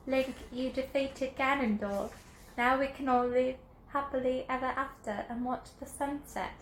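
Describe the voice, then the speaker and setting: A woman voicing a prim young princess in a put-on British accent, speaking in a slightly hushed, self-satisfied way while retelling a video game. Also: high voice, fairly even intonation, unhurried, echoey room, slight background noise, poor audio. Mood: smug.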